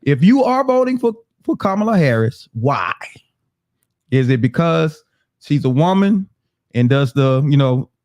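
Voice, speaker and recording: A man's voice: a little high, big pitch swings, a little slow, a little mellow, no room sound. A man hosting a casual political talk show, reading viewer comments aloud and laughing often. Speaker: podcast host.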